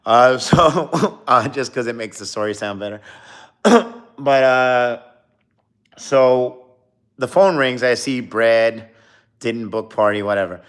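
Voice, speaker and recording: A man's voice: mid-range voice, slow pace, long pauses, fairly bright tone, clean tone. A young man casually telling a long anecdote, rambling with many fillers and acting out quoted dialogue. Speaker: streamer. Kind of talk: casual storytelling.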